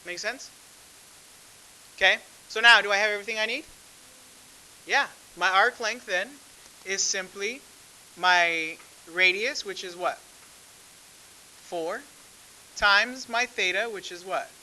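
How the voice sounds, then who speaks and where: A man's voice: high voice, slow, long pauses, sharp tone, slight background noise, rough recording. A man teaching a math class, talking conversationally and asking the class frequent questions. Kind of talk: classroom lecture.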